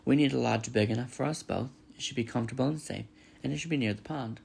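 A man reading as a calm, polite robot. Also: medium pitch, fast, gravelly, husky. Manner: calm, polite, plain-spoken. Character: polite, literal female robot mother.

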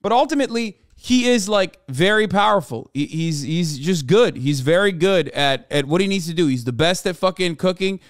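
A man streaming live, ranting casually to his chat, animated and exasperated, with heavy swearing. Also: high voice, moderate pace, hardly any pauses, no echo, clean studio sound.

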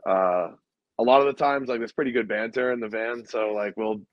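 A man who is a guest musician, telling stories in a relaxed, casual way with lots of fillers. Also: on the low side, brisk, no echo, highs cut off. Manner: relaxed storyteller, many fillers. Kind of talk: casual chat.

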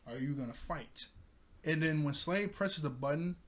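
A man casually recapping a cartoon episode for his channel, excitable, laughing often and breaking into loud exclamations. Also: fairly high pitch, normal speed.

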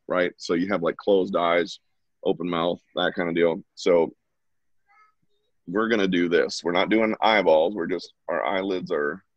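This man, a drawing instructor, chats casually through a live lesson from home while he sketches. He speaks in a low pitch with no echo on a dry, dull lo-fi recording.

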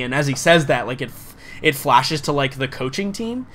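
A man's voice: medium pitch, animated, moderate pace, fairly bright tone, a little hiss or hum. A man narrating a tabletop role-playing game as game master, loose and rambling with many fillers.

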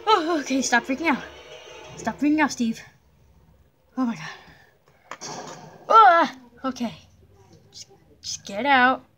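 A woman voicing a jumpy young blocky hero in a cartoon adventure, hesitant, with many nervous pauses and yelps. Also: high-pitched, a bit bright, heavily acted.

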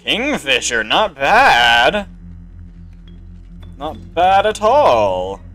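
Gamer guy playing a card game, excitable, voice jumps all over, slow-ish, faint music behind. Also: a little high. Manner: excitable, exclaiming, reads game text aloud. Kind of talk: casual let's-play commentary.

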